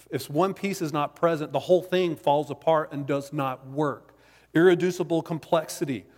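A man's voice: on the high side, darkish tone. Man preaching in a reverberant hall. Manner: conversational preaching with jokes and asides. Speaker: pastor. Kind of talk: sermon. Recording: long reverb of a large hall.

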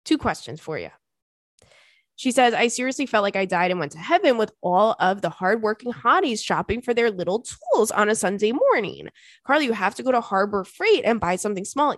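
A woman's voice: medium pitch, dry recording. A young woman chats as a podcast host, reading listener emails and riffing on them. She talks animatedly, swears and laughs often. Her mid-range voice sounds dry and close to the mic. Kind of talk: casual comedic chat.

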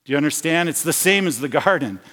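A man's voice: a little high, expressive, fast, a bit bright, in a large hall. A man preaching a sermon as pastor, talking conversationally and often restarting his phrases. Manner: conversational, with repeated restarts and personal anecdotes. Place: church sanctuary.

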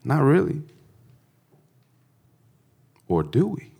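A man doing a stand-up set, swinging between quiet reflective musing and loud profane punchlines in a conversational storytelling style. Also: medium pitch, huge pitch swings, drawn-out words, vocal fry, husky. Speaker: stand-up comedian.

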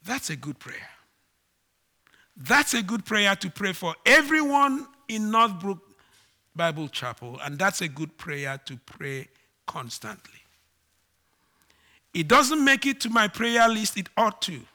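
A man preaching a sermon to his congregation, slow and emphatic, with dramatic swings in pitch and volume. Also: big pitch swings, bright, forceful tone. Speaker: pastor.

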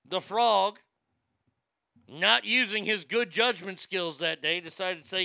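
A man's voice: sits high, measured pace, creaky, bright, forceful tone, no echo. A man hosting a show, ranting comedically and sarcastically, often stammering and repeating words. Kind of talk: comedic rant.

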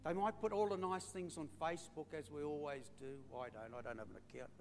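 A man's voice: fairly high pitch, fairly quick, music in the background. A middle-aged Australian man preaching a sermon in a folksy storytelling way, calling his listeners mate and friends. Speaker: pastor. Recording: echoey hall with faint hum.

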